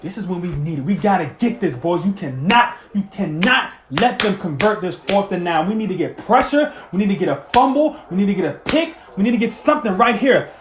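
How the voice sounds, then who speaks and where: A man giving live play-by-play and reaction to a football game, excitable, swinging from muttering to shouting and cussing, talking while eating. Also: high voice, brisk, hardly any pauses, reverberant, a little hiss or hum.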